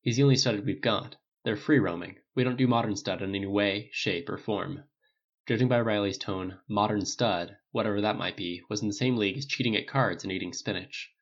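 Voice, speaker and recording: A man's voice: brisk, dull audio. A man narrating a novel aloud, lifting his voice slightly for each character's dialogue. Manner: reads all characters with small pitch lifts in dialogue. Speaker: audiobook narrator. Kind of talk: scripted narration.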